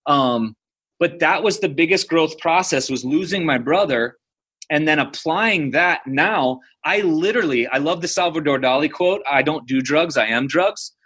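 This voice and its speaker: A man's voice: on the high side, normal speed, a bit bright, slightly rough. A man in his thirties, a podcast guest telling personal stories in a casual way, full of "like" and "dude". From United States. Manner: casual, storytelling, uses "dude" and "like" often. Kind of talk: podcast interview.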